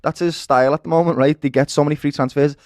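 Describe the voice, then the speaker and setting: A man's voice: fairly high pitch, steady tone, fast, darkish tone, no echo, clean studio sound. A man with a Liverpool accent co-hosting a football fan show, talking emphatically and passionately and often calling people "lad" and "brother". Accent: Liverpool (Scouse). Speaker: football fan-channel co-host. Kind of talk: animated football fan discussion.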